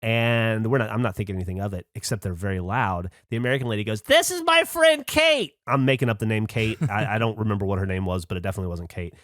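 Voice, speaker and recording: A man hosting a podcast, telling a story in a casual, animated way with swearing and laughing asides. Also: fairly low pitch, rapid-fire, few pauses, dry recording, studio quality. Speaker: podcast host. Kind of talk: casual chat.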